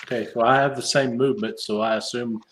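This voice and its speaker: A man playing a tabletop game in an even, mid-range voice. He is polite and reasons aloud through the rules. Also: mid-range voice, quick pace. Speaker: player. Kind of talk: casual tabletop play.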